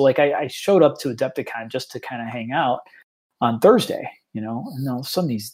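A man talking casually as a podcast guest, rambling with many restarts and fillers, and getting animated as he retells stories. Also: medium pitch, slightly rough. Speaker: tabletop tournament organizer, guest.

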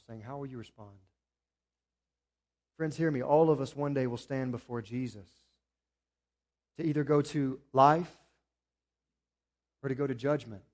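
Male pastor, higher voice, sermon with rising emphasis and quiet asides. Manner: preaching with rising emphasis, then dropping to quiet appeals.

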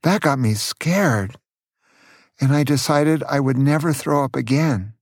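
A man in his sixties from California, a grandfather gently and earnestly telling stories from his childhood on his own podcast. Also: mid-range voice, no room sound, studio quality. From California, USA. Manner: earnest, gentle, slow storytelling. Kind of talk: storytelling memoir.

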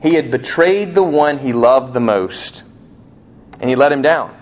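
A man preaching a sermon in a conversational way, asking rhetorical questions and acting out quoted lines, slowing down to stress key points. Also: medium pitch, lively intonation. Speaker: pastor.

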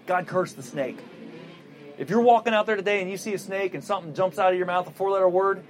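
Male preacher, high voice, conversational sermon, rhetorical questions, faint background hum. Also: fast. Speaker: pastor.

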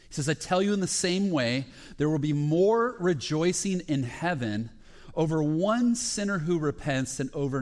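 A man preaching a sermon with a fairly high voice. He retells stories in short, broken phrases, often restarting and filling pauses, and lifts into excitement when a story peaks. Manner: speaks in short phrases with frequent fillers and restarts. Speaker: pastor.

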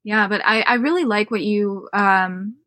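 A woman's voice: medium pitch, a little slow, a bit bright, no echo. A young adult woman hosting an interview, responding in an affirming way with many fillers. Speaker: host. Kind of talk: casual interview chat.

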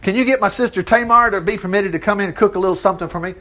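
A man's voice: sits high, very fast, pushed and bright. A man voicing a lustful, demanding young prince in a retold scripture story. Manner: coaxing then commanding.

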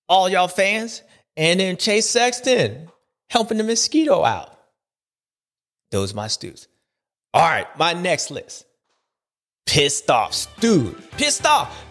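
A man's voice: sits high, fairly bright tone. A man hosting a casual, joking commentary, talking in slang and mimicking other people. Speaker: host.

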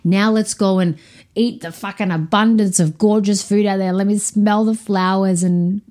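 A woman's voice: mid-range voice, steady tone, moderate pace, a little mellow, lightly acted. An Australian woman voicing her inner child as a playful, gleeful young girl.

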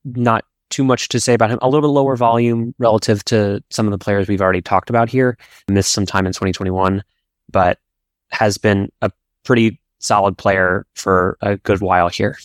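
Male stats analyst, measured and matter-of-fact, lowish voice, dry sound. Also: fairly even intonation, no echo. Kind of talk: casual sports analysis chat.

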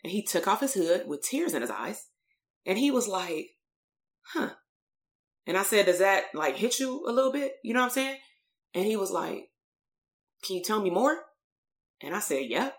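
A woman from Compton tells a story as a therapist. Her delivery is animated and casual, full of slang and fillers, and her pitch swings up and down. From Compton, California. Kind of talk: storytelling talk.

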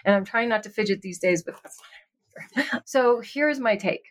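A woman's voice: medium pitch, moderate pace. A woman co-hosting a podcast, talking in a rambling, heartfelt, chatty way. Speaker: podcast co-host. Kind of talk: casual chat.

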